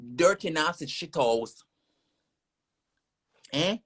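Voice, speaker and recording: A woman's voice: lowish voice, a little fast. A woman with a Jamaican accent on a livestream, heatedly cussing someone out in a repetitive, insulting rant. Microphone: phone on a screen-recorded livestream.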